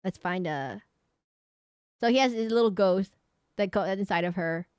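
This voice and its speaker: A woman's voice: mid-range voice, normal speed, a little mellow, smooth, no room sound, clean studio sound. A woman streamer chatting casually as she ranks characters, rambling and correcting herself often. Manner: rambling, self-correcting, laughing. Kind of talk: casual live-stream commentary.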